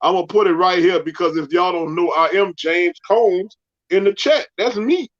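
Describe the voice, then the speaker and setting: A man co-hosting a casual sports show, joking, animated and laughing often. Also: high-pitched, normal speed. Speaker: co-host. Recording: dull lo-fi sound.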